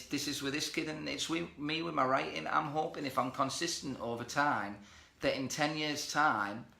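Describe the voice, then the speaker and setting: Male host, casual live-stream, emphatic and animated, slightly drunk; bright tone. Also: mid-range voice, reverberant. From India. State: tipsy.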